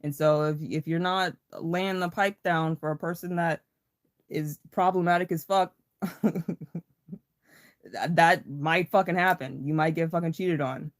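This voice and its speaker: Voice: mid-range voice, steady tone, measured pace, pauses often. A livestream host in a casual, rambling chat, swearing freely and greeting viewers in chat by name with a playful laugh.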